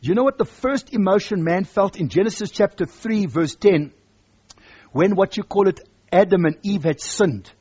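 A male preacher with a high, husky voice delivers a sermon. He is emphatic and circles back to repeat his key lines. The recording sounds dull and lo-fi. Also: normal speed, darkish tone.

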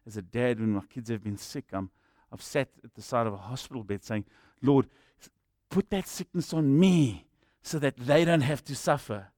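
A middle-aged man preaching a sermon, telling stories that swing from hushed to shouting. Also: medium pitch, normal speed, few pauses, no echo, studio quality. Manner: storytelling, swings from quiet to shouting. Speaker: pastor.

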